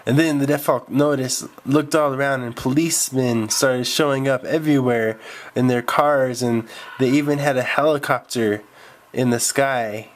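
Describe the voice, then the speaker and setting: A man's voice: medium pitch, fairly even intonation, normal speed. A man telling an improvised story, rambling with restarts.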